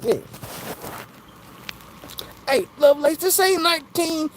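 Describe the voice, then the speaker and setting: A man with an extremely high pitch talks slowly during a laid-back livestream, joking with viewers, laughing often, and repeatedly asking "you know what I'm saying." The poor audio has slight background noise.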